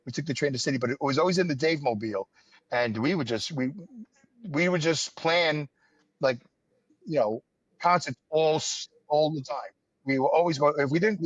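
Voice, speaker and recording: This New York–area podcast host has a medium-pitched voice and chats casually, telling wry, wandering stories packed with fillers. His recording is dull, lo-fi and dry, with no room sound.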